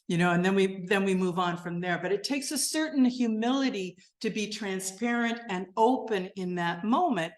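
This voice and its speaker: An older woman minister giving a sermon, gentle and earnest, sinking to a soft, quiet voice as she leads a guided meditation. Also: lively intonation, moderate pace. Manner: gentle, earnest and softly spoken, dropping low and quiet.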